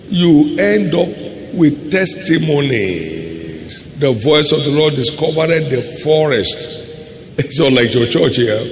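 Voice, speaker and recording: An older man preaching a sermon, quoting scripture with dramatic rises and drops in pitch and loudness. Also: vocal fry, slight background noise. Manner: preaching with dramatic swings in pitch and loudness, drawn-out emphatic phrases. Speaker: pastor. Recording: echoey hall with faint ambience.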